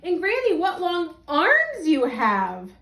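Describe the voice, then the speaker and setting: A woman's voice: very high voice, wildly swooping pitch, takes it slowly, fairly bright tone, echoey room, voice pushed up, exaggerated voice. A woman playing a sweet, wide-eyed little girl. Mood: wondering. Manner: earnest, wide-eyed, breathless.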